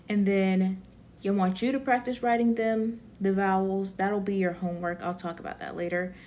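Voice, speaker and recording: A woman's voice: medium pitch, a little mellow, a little hiss or hum. A woman giving a casual online language lesson, chatty and rambling, often correcting herself and laughing. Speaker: Korean language teacher.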